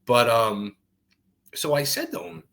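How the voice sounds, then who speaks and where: Middle-aged guy spinning stories, pitch jumping all over, cusses constantly, acts out the quotes. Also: slow pace, creaky, low-quality recording. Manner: animated, swears freely, acts out quotes. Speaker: guest, former wrestler. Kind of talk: casual storytelling.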